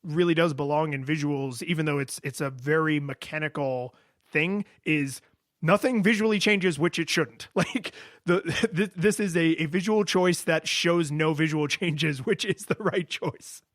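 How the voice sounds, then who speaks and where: A man co-hosting a podcast in casual chat, animated, laughing often and restarting his sentences. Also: a little high, unhurried, dry recording, studio quality. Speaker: podcast co-host.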